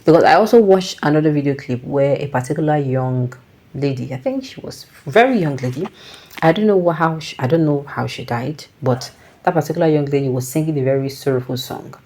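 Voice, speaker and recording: A woman's voice: deep voice, animated, fairly quick, warm tone. A Nigerian woman giving reflective casual commentary, slipping into Pidgin and restarting her sentences.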